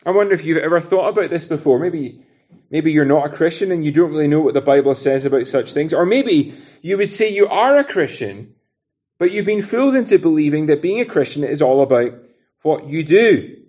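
A man's voice: fairly high pitch, expressive, fairly quick, darkish tone. A man from Britain preaching a sermon in an earnest, conversational way, using everyday illustrations.

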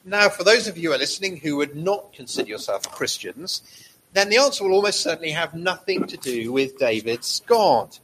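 A man preaching a sermon, measured and slowing down to stress key words. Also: on the high side, sing-song, a bit bright, a little hiss or hum, rough recording.

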